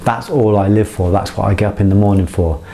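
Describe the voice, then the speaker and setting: A middle-aged man with a fairly low voice speaks in an earnest, impassioned monologue. He swears freely and rambles, often restarting his sentences as he pushes his point. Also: a little fast, mellow, slight background noise. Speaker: motivational speaker.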